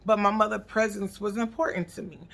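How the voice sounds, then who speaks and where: A woman's voice: mid-range voice, fairly even intonation, brisk, vocal fry. A woman recapping a reality TV episode in blunt, profane, sassy casual commentary. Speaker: TV recap vlogger.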